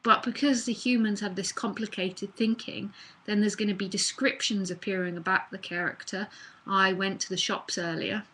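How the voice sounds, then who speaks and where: A New Zealand woman, a nondual spiritual teacher, rambles casually through a live online talk answering questions, acting out the voice of anxious thoughts. Her voice is mid-range, steady, bright, forceful and slightly rough, at a normal speed.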